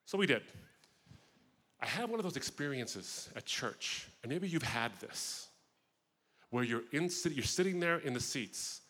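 A man giving a personal testimony talk at a festival, telling his story with expressive, vivid asides. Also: mid-range voice, measured pace. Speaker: guest speaker.

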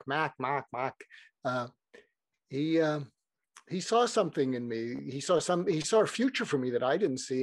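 A man's voice: medium pitch, a little mellow, dry recording. A man in his sixties, a psychiatrist guest, speaking reflectively and candidly with some fillers. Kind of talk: casual interview.

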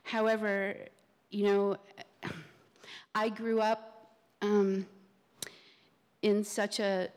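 Halting woman telling a personal story. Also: mid-range voice, little pitch movement, darkish tone, clean tone. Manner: halting, searching for words. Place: theater stage.

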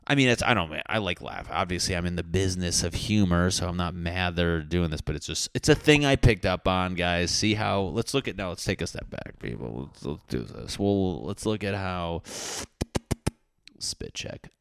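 Man, deep voice, gravelly, crude joking rant, comedian vlog. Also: animated, normal speed, fairly bright tone, no echo, clean studio sound. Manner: profane, teasing, mock-insulting. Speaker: comedian vlogger. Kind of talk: casual comedic rant to camera.

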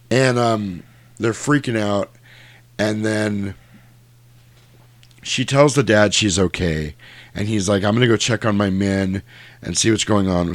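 A low-voiced man animatedly retells a film's plot in casual chat, slipping into the characters' lines. The sound is dry and close, with no room around it. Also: no echo. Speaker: podcast co-host. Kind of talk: casual movie recap chat.

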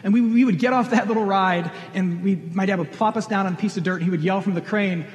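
A man's voice: high voice, quick pace, hardly any pauses. A middle-aged man preaching a sermon, earnest and direct, pressing questions on his congregation. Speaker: pastor. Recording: long reverb of a large hall.

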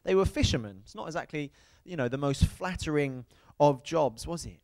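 Lively, fairly high-voiced male preacher. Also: moderate pace. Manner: lively storytelling, asks the crowd "right?". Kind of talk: sermon. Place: church hall.

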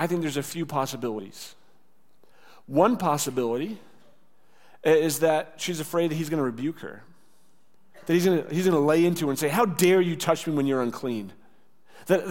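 Guy preaching a sermon, chatty, acts out the quotes, kinda high voice, big echoey church. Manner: conversational, acts out quoted lines, drops soft for tender words. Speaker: pastor. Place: church sanctuary. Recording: church hall with long reverb.

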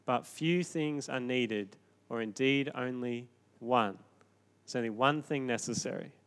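A man preacher quoting a calm, compassionate male teacher in a slow, gentle way. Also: mid-range voice, lightly acted.

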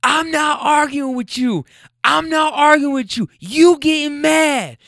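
A man voicing a furious young woman who screams in a street fight, shrill and very high. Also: unhurried, creaky, a bit bright, dry recording, clean studio sound, heavily acted. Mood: screaming.

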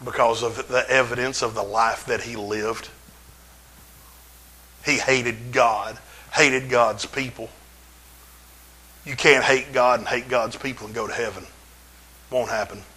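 A middle-aged man, preaching a folksy, humorous sermon in a church with drawn-out emphasis. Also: medium pitch, steady tone, sharp tone, husky, low-quality recording. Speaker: pastor.

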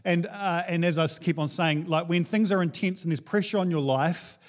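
A man preaching a casual, conversational sermon as a pastor, animated and chatty with many fillers. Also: a little high, a little fast. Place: church.

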